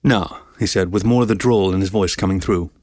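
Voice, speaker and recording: A man reading a story aloud with even, steady narration. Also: low-pitched, fast, no echo, studio quality. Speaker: story reader.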